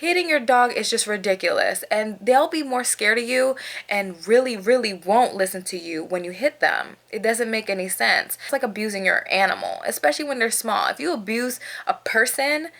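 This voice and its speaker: A young woman from Maryland talks straight to the camera about dog training. She is frank and lively, breaking into short laughs between her points. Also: on the high side, moderate pace. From Maryland, USA. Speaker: dog owner vlogger. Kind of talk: casual advice vlog.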